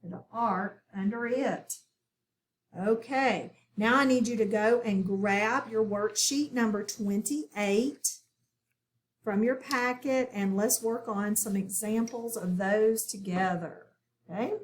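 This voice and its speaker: A woman teacher giving an online phonics lesson to children, saying each word slowly and clearly. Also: medium pitch, slight background noise. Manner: slow, clear, over-articulated word repetition.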